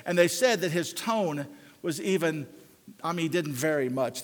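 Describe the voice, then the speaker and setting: An older man preaches a sermon with a somewhat high voice. His delivery rises into loud, fervent climbs and drops to hushed, low pleading. A long reverb from the hall trails after his words. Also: animated, normal speed.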